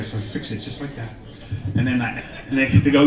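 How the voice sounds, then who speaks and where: A man's voice: medium pitch, quick pace. Rambling stand-up comic man on stage. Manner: rambling, self-deprecating storytelling with asides. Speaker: stand-up comedian. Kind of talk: stand-up comedy set. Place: live comedy stage. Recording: echoey live room, far from mic, crowd. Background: audience laughter.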